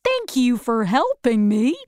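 A woman voicing a gentle, sad tin man who longs for a heart, telling his story in a soft, mournful way in a storybook reading. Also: on the high side, very animated, slow pace, no echo, studio quality.

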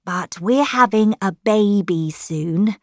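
Woman reader doing a guarded wife, clipped and cool, slow delivery. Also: mid-range voice, a little mellow, no echo, clean studio sound. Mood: firm. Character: tense pregnant stepgrandmother, guarded and polite.

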